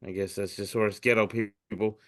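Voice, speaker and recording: A man's voice: fairly low pitch, little pitch movement, fairly quick, fairly bright tone. A man who does comedy, hosting a podcast and reading memes aloud in a loose, profane, jokey way. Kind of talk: casual comedic meme reading.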